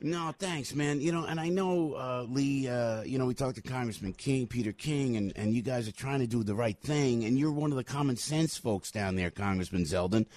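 A man with a New Jersey accent hosting a radio talk show, loud and pushy, repeating his points in a hard sell. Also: medium pitch, moderate pace, hardly any pauses, no echo. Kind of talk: live ad read and interview. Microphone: studio mic.

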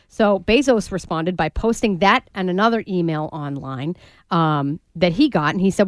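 A woman's voice: on the low side, moderate pace, no room sound. Playful woman co-host, dry close sound. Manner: playful, jokey banter. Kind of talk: casual chat.

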